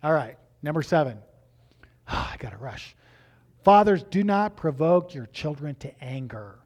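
Man, high-pitched voice, middle-aged pastor, storytelling sermon, repeats and restarts words. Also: a little slow. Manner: animated, acts out dialogue in raised voices.

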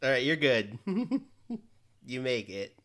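A man's voice: mid-range voice, sing-song, slow pace, a bit bright. A man running a comedic tabletop game as game master, giving terse, crude, joking rulings.

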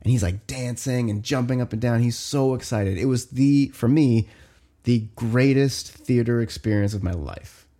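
A man in his thirties with a mid-range voice tells a long story on a podcast. His delivery is animated and loose, packed with "like" and casual swearing. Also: mid-range voice, normal speed. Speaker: podcast co-host. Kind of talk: casual chat.

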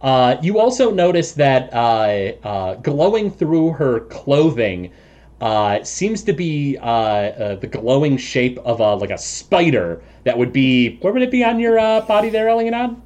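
A man's voice: medium pitch, sing-song, unhurried, a little mellow. A man running a tabletop game as game master, describing the scene with frequent chuckles and filler words. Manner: chuckles often, many ums and restarts.

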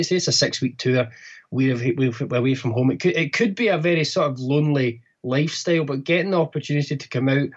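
A Scottish man from a bagpipe band, answering interview questions in a halting way with many restarts. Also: mid-range voice, husky. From Scotland. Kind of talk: casual interview. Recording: muffled lo-fi line.

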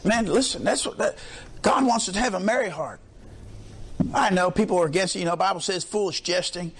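A man preaching a sermon in a colloquial way, leading call-and-response with the congregation and often swelling into shouts. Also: high voice, brisk, husky. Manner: colloquial, peppers lines with "amen", swells into shouts.

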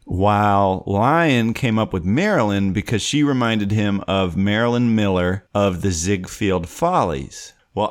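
Playful young man hosting a podcast. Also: fairly low pitch. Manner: playful, animated, jokey asides. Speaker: podcast host. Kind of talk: solo comedic podcast chat.

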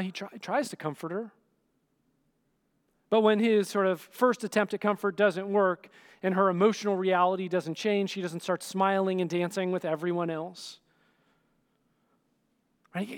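A man's voice: high-pitched, normal speed, long pauses. A male pastor giving a conversational sermon, often checking in with the listeners and acting out scenes. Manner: dramatic, acts out scenes.

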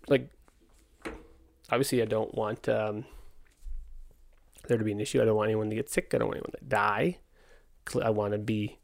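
A man's voice: mid-range voice, gravelly. A young man, a podcast host, telling a story in casual, candid talk, exasperated, and acting out the dialogue. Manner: candid, exasperated, acts out dialogue in quick quotes. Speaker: podcast host, skate park owner.

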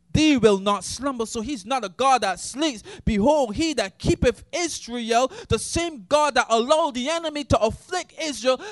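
A man preaching an impassioned sermon, swinging between shouted praise and hushed, quiet passages. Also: extremely high pitch, dry recording, clean studio sound.

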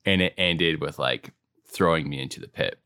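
A man's voice: rumbling low, moderate pace, bright, forceful tone, clear, resonant tone, no room sound. A man co-hosting a podcast, reflecting self-critically on a past improv show with many casual fillers. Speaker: co-host, improv performer.

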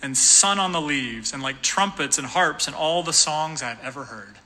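Guy reading as a hobbit bursting with joy, breathless, high and bright, big echoey church sound. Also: animated, moderate pace. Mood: overjoyed. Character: joyful awakened male hobbit, overwhelmed with relief.

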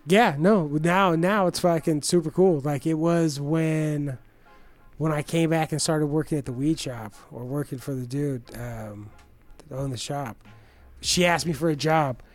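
Young guy rambling thru profane stories, kinda high voice, faint music behind. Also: steady tone, normal speed, gravelly, no room sound. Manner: rambling, profane storytelling with many restarts. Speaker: podcast guest telling stories. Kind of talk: casual chat.

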